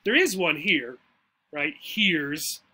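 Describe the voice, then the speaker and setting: A man's voice: a little high, very animated, slow, bright, forceful tone, breathy edge. A man teaching English, walking through a textbook dialogue in a chatty way and often checking in with "right?" and "okay?".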